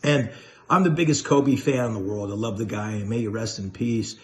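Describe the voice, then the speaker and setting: A man's voice: lowish voice, normal speed. Laid-back man in easy casual chat. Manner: laid-back and enthusiastic, full of slang and praise. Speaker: host of a chat video.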